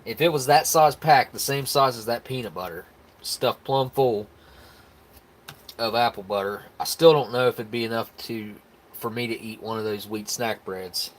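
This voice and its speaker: A man's voice: mid-range voice, moderate pace. An American man hosting a live stream, chatting casually and rambling easily as he reacts to viewer comments. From United States. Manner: rambling, easygoing, with frequent restarts and laughs.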